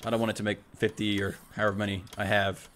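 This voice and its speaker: Low-voiced man commentating his gameplay. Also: little pitch movement, quick pace, a bit bright, a little hiss or hum. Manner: thinks aloud, self-correcting, talks to the robots. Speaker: let's play host.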